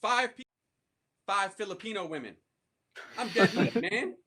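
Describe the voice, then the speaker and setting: This priest's voice is high, pushed and bright, animated but a touch slow, with a faint hiss or hum on the recording. He narrates his conversion story with animated, slangy street talk, mimicking the people he quotes and often breaking into laughter.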